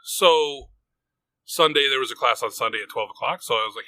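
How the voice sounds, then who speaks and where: A man's voice: medium pitch, sing-song, fairly quick, bright, forceful tone, no room sound. A man in his thirties on a podcast, telling a rambling story in casual chat, swearing freely and acting out what people said. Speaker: podcast co-host.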